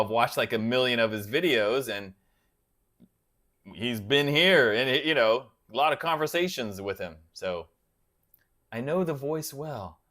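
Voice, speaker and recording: A man's voice: mid-range voice, sharp tone. A man hosting a casual livestream, chatting loosely and answering viewers by name. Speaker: guitar channel host reading live chat.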